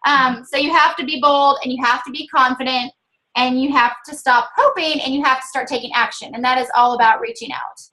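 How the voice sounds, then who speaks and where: Woman, Southern accent, high voice, earnest coaching tone, casual chat. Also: steady tone, fairly quick, bright, forceful tone, rough recording. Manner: earnest, coaching, many fillers. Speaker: network marketing co-host.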